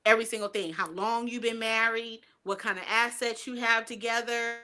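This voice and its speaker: A middle-aged woman hosting a casual podcast, making her points in frank, piled-up lists and checking in with rhetorical questions. Her voice is bright and forward at an ordinary pitch for a woman. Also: fairly even intonation, normal speed. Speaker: podcast host.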